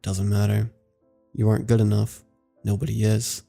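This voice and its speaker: A man voicing a rotting undead male DJ who speaks in a quiet, hollow, fatalistic way. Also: lowish voice, little pitch movement, moderate pace, creaky, soft background music. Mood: bleak.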